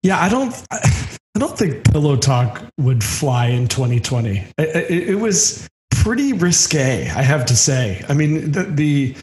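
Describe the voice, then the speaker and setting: A man's voice: on the high side, very animated, measured pace, darkish tone, echoey room, a little hiss or hum. A man co-hosting a casual music podcast, chatting in an enthusiastic, joking way. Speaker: podcast co-host.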